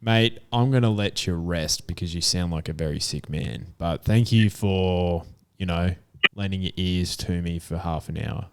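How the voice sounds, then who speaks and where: Brief: man, podcast co-host, casual and joking, fairly low, clean smooth tone. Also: moderate pace. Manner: laid-back, jokey, slangy. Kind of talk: casual racing podcast chat. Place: room at home.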